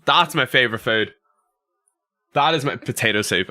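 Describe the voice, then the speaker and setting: Bright-voiced young Irish streamer. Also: male voice, medium pitch, animated, normal speed. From Ireland. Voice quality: chatty, rambling storyteller. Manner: reads chat aloud, laughs through his stories. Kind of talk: casual livestream chat.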